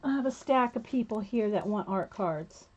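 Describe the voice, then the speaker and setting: A woman's voice: medium pitch, animated, moderate pace, lo-fi sound. A woman hosting a crafting livestream, chatting casually and greeting viewers by name while she cuts and sorts art cards. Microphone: camera mic set low on the desk.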